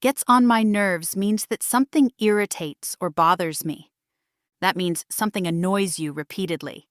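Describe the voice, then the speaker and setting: A woman teaching a scripted English speaking lesson, saying each phrase slowly and then saying it again for the listener to shadow. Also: mid-range voice, no echo, studio quality.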